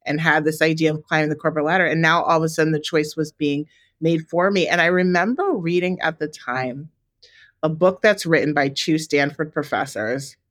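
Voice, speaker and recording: A woman in her forties, co-hosting a podcast, telling a story in a relaxed, reflective way with many "like"s and "you know"s. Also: deep voice, fairly quick. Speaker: podcast co-host. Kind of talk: casual chat.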